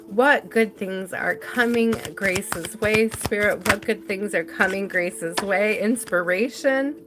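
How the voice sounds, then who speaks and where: A woman giving a live tarot reading in a relaxed, chatty way. She giggles easily and speaks straight to her viewers by name. Her voice sits at a middle pitch. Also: slow pace, background noise. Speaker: tarot reader.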